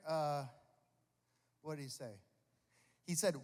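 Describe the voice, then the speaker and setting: A man's voice: a little high, moderate pace, long pauses, a little mellow. A male singer-songwriter telling a chatty, self-mocking story on a live concert stage, swearing casually as he goes. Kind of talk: rambling onstage anecdote. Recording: long hall reverb, faint guitar.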